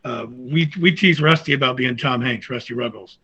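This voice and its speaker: A man's voice: medium pitch, moderate pace, bright, forceful tone, breathy edge, dull audio. A man chatting casually about movies on a podcast, rambling and enthusiastic. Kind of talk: casual chat.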